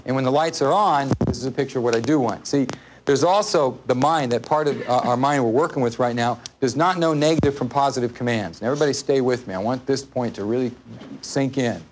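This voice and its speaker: A man's voice: mid-range voice, a little fast, background noise. Conversational man teaching a live seminar. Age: adult, parent of a small child. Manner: conversational, repeats points and quizzes the audience. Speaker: workshop instructor.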